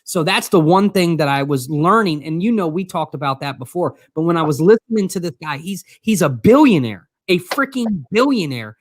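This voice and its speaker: A man's voice: fairly high pitch, animated, normal speed, few pauses, no echo, clean studio sound. A man co-hosting a casual motivational talk show, talking earnestly with many restarts and stumbles. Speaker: show co-host.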